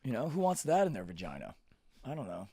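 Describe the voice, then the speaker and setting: A man's voice: medium pitch, huge pitch swings, fast talker, dark tone, slightly rough. A man hosting a casual podcast, blunt and crude, joking as he recaps a show. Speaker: podcast host.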